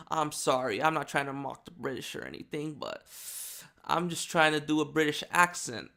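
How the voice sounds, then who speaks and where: A man's voice: on the high side, normal speed, vocal fry, bright, forceful tone. A man giving casual, rambling video commentary with many fillers and restarts. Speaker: YouTube commentator.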